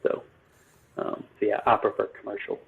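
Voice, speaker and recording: A man, an electrical business owner, answering interview questions in a halting way full of ums and restarts. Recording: phone-like narrow line.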